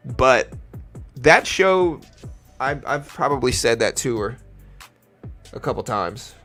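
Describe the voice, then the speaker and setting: A man's voice: mid-range voice, lively intonation, moderate pace, pushed and bright, soft background music. A man with a light South Louisiana accent hosting a live trading stream, chatting casually with viewers as he calls out market moves. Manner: chatty, answers viewer chat while calling market moves.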